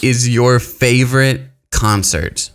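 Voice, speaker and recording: A man hosting a casual podcast, telling stories in an animated way and restarting his sentences as he goes. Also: medium pitch, takes it slowly, clean tone. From Pacific Northwest, US. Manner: animated storyteller, trailing restarts. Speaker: podcast host. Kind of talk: casual chat, storytelling.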